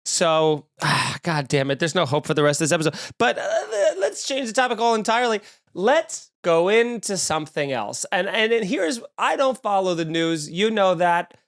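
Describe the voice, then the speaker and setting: A man's voice: high-pitched, sing-song, normal speed, a bit bright. A man with a Long Island accent hosting a comedy podcast, talking in a snarky, sarcastic, rambling rant. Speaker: podcast host. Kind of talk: comedic ranting chat. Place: at home with windows open.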